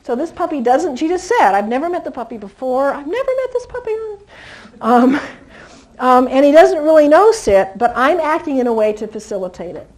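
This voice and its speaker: A woman dog trainer giving a live seminar in an animated, chatty way, laughing easily and cooing at the dogs. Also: sits high, a little fast, low-quality recording. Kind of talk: live teaching talk to an audience.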